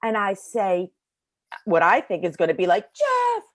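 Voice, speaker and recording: A middle-aged woman telling a personal story as an interview guest in a casual, animated way, acting out the voices of people in it, recorded in a bedroom at home. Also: on the low side, moderate pace, dry recording, clean studio sound. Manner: casual, lots of fillers like "like".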